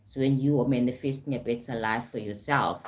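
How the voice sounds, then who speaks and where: Woman, South African accent, very low pitch, life coach, live-stream talk, frequent "okay?". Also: fairly quick, slight background noise. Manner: repeats "right?" and "okay?" often, greets viewers.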